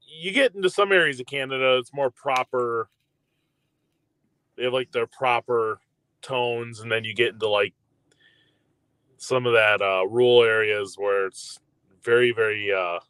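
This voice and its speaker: A man's voice: medium pitch, a little slow, pauses often, fairly bright tone, clear, resonant tone, no room sound. An easygoing man chats casually on a podcast, agreeing readily and rambling a little. The sound is dry and close. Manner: easygoing, agreeable, loose phrasing. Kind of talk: casual chat.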